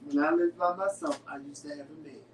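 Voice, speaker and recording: A man's voice: on the high side, quick pace, a crowd in the background. A man co-hosting a dinner-table vlog, telling home stories in an easygoing way and playfully pushing back. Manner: easygoing storyteller, protesting playfully. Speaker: vlog co-host. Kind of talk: casual dinner chat. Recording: roomy, distant mic, faint noise.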